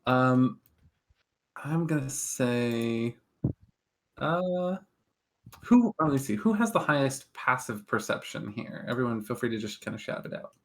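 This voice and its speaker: A man's voice: mid-range voice, lively intonation, measured pace, slight background noise. A man narrating a tabletop game as game master, hesitant with many fillers.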